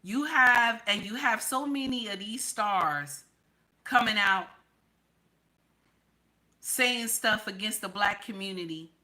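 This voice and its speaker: A woman from the New talks straight to her viewers, with a bright, forceful tone. She is blunt and emphatic, and she hammers her points home by saying them again and again. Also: medium pitch, slow, long pauses, low-quality recording. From New York / New Jersey area. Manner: blunt, emphatic, repeats lines for stress. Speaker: online commentator. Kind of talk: casual political commentary vlog.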